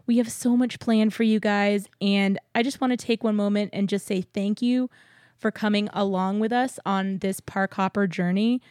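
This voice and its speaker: A woman's voice: mid-range voice, darkish tone, no room sound, clean studio sound. Giggly young woman podcast co-host. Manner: giggly, upbeat, enthusiastic. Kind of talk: casual podcast chat.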